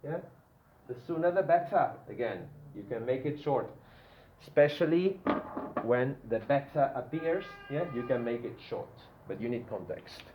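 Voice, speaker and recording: A man teaching a grammar lesson to a class, often checking in with the students and drawing out his example words slowly. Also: medium pitch, expressive, a little hiss or hum. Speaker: English teacher. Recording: dull lo-fi classroom recording with room echo.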